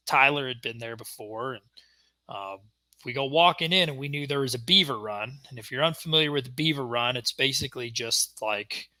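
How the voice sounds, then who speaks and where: A young man co-hosting a podcast, telling a story in casual chat and acting out the shouted quotes. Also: medium pitch, a little fast, no echo. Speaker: podcast co-host.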